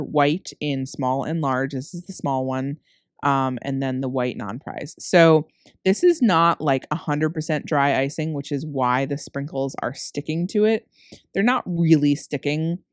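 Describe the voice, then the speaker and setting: Recorded close to the mic with dry, studio-quality clarity, a woman with a low, clean voice talks through how she decorates cookies. Her voice-over is casual and meandering, full of self-corrections. Worn out from a late-night session, she keeps laughing at her mistakes.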